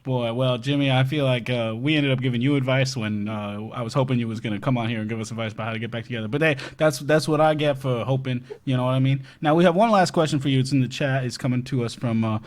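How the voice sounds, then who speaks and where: An actor playing a rambling doomsday-prep show host who stumbles and restarts mid-sentence. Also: male voice, medium pitch, quick pace, hardly any pauses, close to an everyday voice. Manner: rambling, stumbling over his words. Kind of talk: improvised comedy live stream. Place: home bunker.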